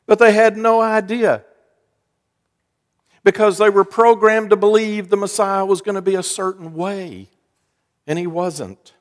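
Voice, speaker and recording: A man's voice: high voice, fairly even intonation, measured pace, long pauses. A man, a pastor, giving a sermon in a chatty, storytelling way. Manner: conversational storytelling preacher. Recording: long church reverb.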